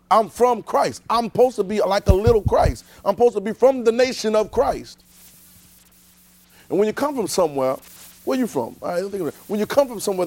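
A man's voice: fairly high pitch, darkish tone. A man preaching a conversational sermon, repeating himself and throwing rhetorical questions at the congregation.

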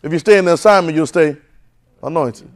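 A man preaching a sermon in call-and-response, swinging from loud urging to soft, hushed lines. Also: fairly high pitch, brisk. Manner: swings from loud exhortation to soft near-whispers.

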